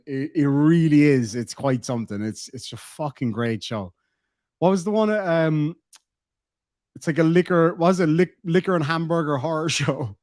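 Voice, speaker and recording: Irish man, streamer, casual profane chat, slightly high voice, dry close sound, laughs a lot. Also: darkish tone, dry recording. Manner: profane, laughing, quoting lines.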